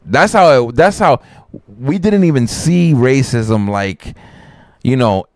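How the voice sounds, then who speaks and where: A man, hosting a live stream and chatting casually, telling animated stories and acting out voices. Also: medium pitch, slow pace, no echo, studio quality. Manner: animated storytelling, acts out voices, swears a lot. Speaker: streamer host. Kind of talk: casual chat.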